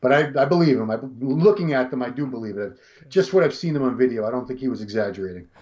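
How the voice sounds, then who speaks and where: An American man co-hosting a podcast in easygoing casual chat, agreeing with quick yeahs and laughing along. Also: mid-range voice, animated, a little mellow, highs cut off.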